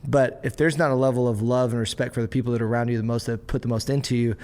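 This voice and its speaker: A young adult man hosting a podcast as a pastor, telling family stories in a lively way and acting out the voices of his kids and his dad. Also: mid-range voice, very fast. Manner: animated storyteller acting out family scenes. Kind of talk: casual podcast conversation.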